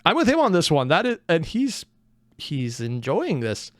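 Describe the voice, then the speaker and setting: Brief: self-deprecating reaction host, lively pitch, dry close recording. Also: normal speed, no echo. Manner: chatty and self-mocking, with frequent likes and asides. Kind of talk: casual reaction commentary.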